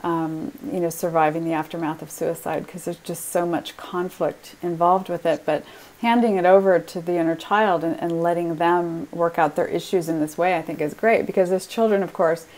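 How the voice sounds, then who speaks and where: A woman's voice: fairly low pitch, steady tone, normal speed, a little mellow. A middle-aged woman hosting an interview, reflective and affirming. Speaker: interview host. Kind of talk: conversational interview.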